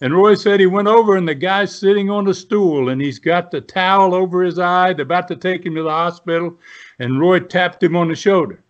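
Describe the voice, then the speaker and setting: His voice sits high and moves briskly as this man in his seventies, an American former pro wrestler appearing as a guest, tells long, casual stories. He's folksy and rambling, with plenty of restarts and fillers, and the recording sounds dull and lo-fi.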